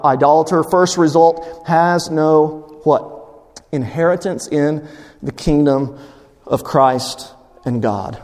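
A man preaching a sermon as a pastor, emphatic and animated, with humorous asides to the congregation. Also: on the high side. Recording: long hall reverb.

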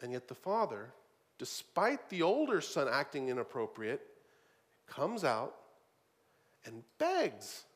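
A man preaching a sermon in an animated way, swinging from loud emphasis to quiet asides and often repeating words. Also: medium pitch, takes it slowly, pauses often.

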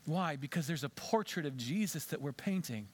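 A man preaching in a church with a slightly high voice, talking to the congregation in an easy, conversational way. He drops to soft, low tones to stress a point. It sounds like a pastor giving a sermon. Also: animated, normal speed, slightly rough. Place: church sanctuary.

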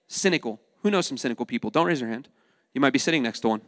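A man preaching a sermon to his congregation, animated and addressing them directly, acting out voices as he goes. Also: mid-range voice, rapid-fire, no room sound, studio quality, long reverb tail. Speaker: pastor.

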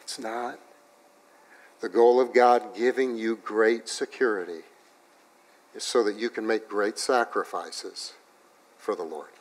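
A man preaching a sermon, telling a personal story in an animated way that swings from loud to hushed, in a church. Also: on the low side, measured pace. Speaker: pastor.

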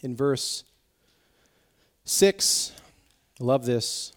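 Guy pastor preaching, chatty and emotional, goes quiet and intense sometimes. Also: medium pitch, lively intonation, drawn-out words. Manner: conversational preaching, acts out quoted voices; emotional, drops to soft intense tones. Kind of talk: sermon.

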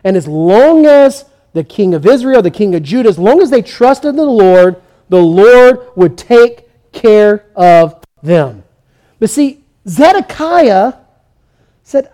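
A man's voice: high-pitched, animated, moderate pace, mellow. A man preaching a sermon, telling the story with energy and acting out the quoted kings and prophets in his own voice. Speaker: pastor.

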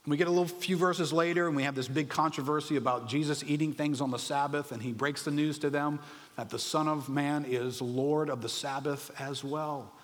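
A man preaching a sermon in an animated, conversational way, often asking the audience rhetorical questions. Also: a little high, fairly quick, in a large hall. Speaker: pastor.

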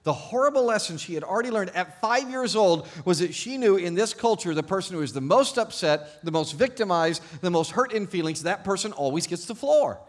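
A male pastor preaching a sermon to his congregation, telling stories with animated, self-deprecating humor and playful irony. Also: a little high. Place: church service before a congregation.

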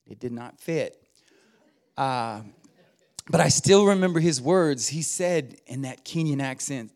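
A man's voice: medium pitch, unhurried, a little mellow. A middle-aged man preaching a sermon in a church as a guest preacher, folksy and humorous, rising to emphatic exhortation. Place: church sanctuary.

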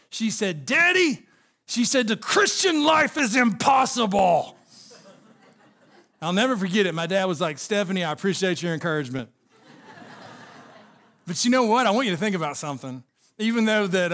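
A man's voice: sits high, fairly bright tone. A man preaching an Easter sermon, telling stories and addressing the congregation directly. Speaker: pastor.

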